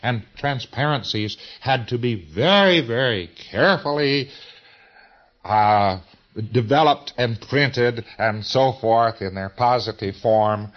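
Male lecturer, mid-pitched, folksy and emphatic, on a muffled lo-fi recording. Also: slow. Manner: folksy and emphatic, with slang and repetition. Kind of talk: informal lecture.

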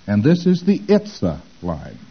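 A man giving a lecture, acting out exchanges with quick mumbled asides. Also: on the low side, huge pitch swings, gravelly, breathy edge, lo-fi sound. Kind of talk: recorded lecture.

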